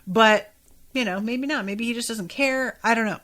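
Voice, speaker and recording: A woman's voice: fairly high pitch, normal speed, a bit bright. A woman hosting a podcast, recapping an episode in a casual, rambling way with lots of filler words. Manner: chatty, rambling, many filler likes. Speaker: podcast host.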